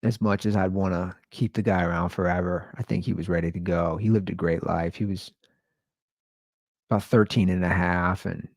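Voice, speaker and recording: Low, gravelly man talking somberly. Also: fairly even intonation, normal speed, dry recording. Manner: somber, rambling, conversational. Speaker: podcast host. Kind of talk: casual solo monologue.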